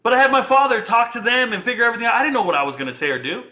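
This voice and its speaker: A man in his thirties giving casual, slangy commentary and telling a story in an animated, conversational way. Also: extremely high pitch, rapid-fire.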